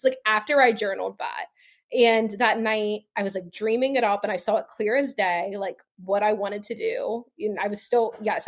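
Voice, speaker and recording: Chatty woman guest, peppered with "like". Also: medium pitch. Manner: chatty, heavy use of "like", laughs often. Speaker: podcast guest. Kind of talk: casual storytelling interview.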